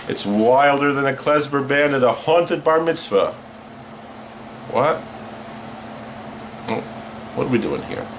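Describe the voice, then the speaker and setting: A man playing a late-night horror movie host, hamming it up with jokes and Yiddish words. He takes his time, drawing out his lines, and the pitch sits right in the middle. A faint hum of noise lies under him. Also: a bit bright. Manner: jokey, hammy, sprinkled with Yiddish words. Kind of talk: comic horror-host patter.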